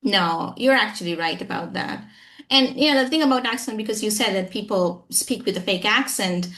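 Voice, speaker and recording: A woman being interviewed about learning English, speaking with a practiced American accent. She talks with animated emphasis, leaning on her points and checking in with her listener as she goes. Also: mid-range voice, normal speed. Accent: American-style accent, acquired. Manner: animated, emphatic, frequent "you know what I'm saying". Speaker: guest English trainer. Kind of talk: conversational interview.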